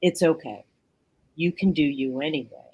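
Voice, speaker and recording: Calling in to a talk show from her bedroom at home, a woman with a low-sitting voice speaks at a normal speed over poor audio with a bit of hiss or hum. It's casual radio talk, and she tells her stories animatedly, acting out what other people said.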